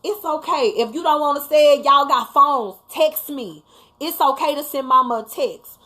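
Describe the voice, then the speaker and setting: Emphatic higher-voiced mother talking to viewers. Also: moderate pace, bright, forceful tone. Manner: emphatic, keeps addressing viewers, blunt with swearing. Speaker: livestream host talking to viewers. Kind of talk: casual heartfelt talk to viewers.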